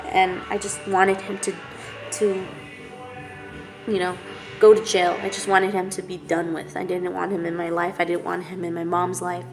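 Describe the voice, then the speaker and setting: A woman with a gravelly, fry-edged voice recounts a painful personal story, halting and candid, full of fillers and restarts. Her pitch stays fairly flat and level, and music plays steadily underneath. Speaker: vlogger. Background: music playing.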